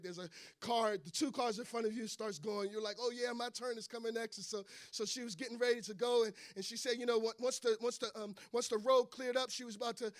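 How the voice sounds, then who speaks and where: A preacher delivering a sermon, telling stories in a conversational way and building to emphatic declarations. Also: male voice, extremely high pitch.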